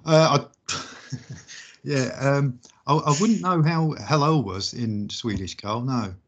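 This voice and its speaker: A man's voice: medium pitch, expressive, slow. A man from the United Kingdom hosting a podcast, chatting casually and jokily, rambling and thanking listeners. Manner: jokey, rambling, gives thanks. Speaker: podcast host. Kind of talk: casual chat. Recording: dull lo-fi audio.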